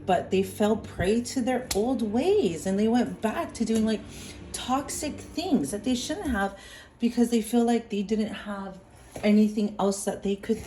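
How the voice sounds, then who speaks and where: A woman's voice: medium pitch, expressive, moderate pace, dark tone, a little hiss or hum, poor audio. A young woman giving a casual tarot reading, chatty, filling her talk with "like" and checking in with "okay?". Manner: chatty, lots of "like" and "okay?", laughs and apologizes. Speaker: tarot reader. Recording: music playing behind voice.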